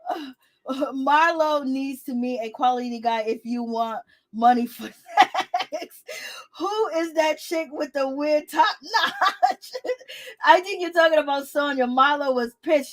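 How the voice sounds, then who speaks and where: A woman with a high, bright voice gives casual commentary on a reality show. Her talk is sassy and animated, full of laughter and exclamations. The sound is dry and close. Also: no room sound. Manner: animated, sassy, laughs often, says "girl" and "Lord have mercy". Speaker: commentary vlogger.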